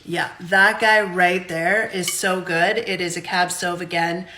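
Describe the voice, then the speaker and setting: Chatty woman with a bright voice. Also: fairly low pitch, steady tone, unhurried. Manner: chatty, unscripted, self-deprecating. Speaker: home vlogger reviewing wines. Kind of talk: casual chat. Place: home kitchen.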